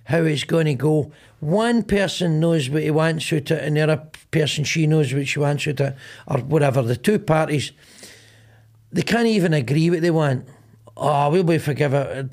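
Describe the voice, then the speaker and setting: A man's voice: a little high, darkish tone. A middle-aged man with a Glaswegian Scottish accent hosting a podcast, telling rambling, sweary stories and acting out both sides of arguments. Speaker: podcast host. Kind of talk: casual comedic chat.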